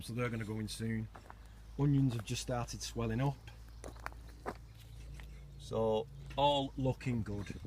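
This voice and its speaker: A man's voice: medium pitch, background noise. Chatty man on an allotment. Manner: chatty, self-mocking, laughs often. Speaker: allotment gardener vlogger. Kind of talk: casual walking tour. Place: outdoor allotment garden.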